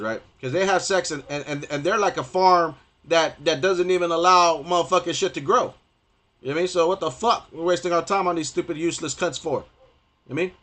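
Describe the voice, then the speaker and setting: A man's voice: a little high, fairly bright tone. A young man ranting on a gaming stream, profane and rambling, stumbling over restarts and repeating himself.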